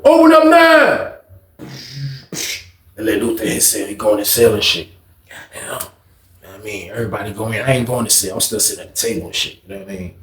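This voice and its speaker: A man telling a prison story in casual, animated slang full of swearing. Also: on the low side, roomy sound.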